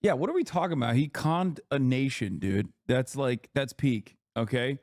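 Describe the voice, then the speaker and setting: A man's voice: medium pitch, animated, normal speed, darkish tone, no echo, clean studio sound. Sarcastic man mocking a video. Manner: sarcastic, swears freely. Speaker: streamer reacting to a video. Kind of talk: casual mocking commentary.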